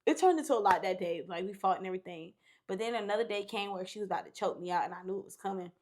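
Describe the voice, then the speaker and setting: A woman's voice: mid-range voice, racing, darkish tone. Candid young woman telling a story. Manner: candid, profane, acts out quotes from the story. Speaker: podcast guest. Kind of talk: casual storytelling chat.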